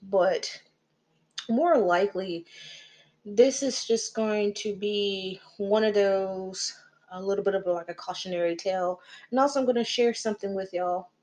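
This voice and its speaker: A woman's voice: mid-range voice, a little slow, darkish tone. A middle-aged woman hosting a podcast, telling a story in a chatty, profane way with laughing asides. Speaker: podcast host. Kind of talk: casual storytelling chat.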